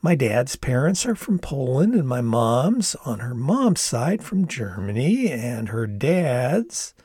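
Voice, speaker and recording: A man voicing his eighteen-year-old self in a storybook reading, teasing in a high sing-song that drops to whispers. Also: big pitch swings, slow, darkish tone, breathy edge, no echo, clean studio sound, exaggerated voice. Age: young adult.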